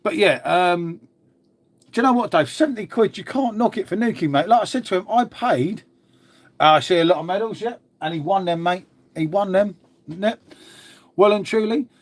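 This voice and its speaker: A man's voice: sits high, moderate pace. A middle-aged man, hosting a casual live stream, chatting bluntly with viewers, swearing freely and calling them mate. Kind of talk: casual live chat reading comments.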